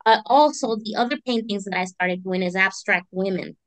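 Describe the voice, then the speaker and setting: A woman's voice: medium pitch, normal speed, dry recording. A middle-aged woman, an artist and army veteran, telling her story as an interview guest and acting out the voices in it. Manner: animated, acts out voices in her stories. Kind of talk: conversational storytelling.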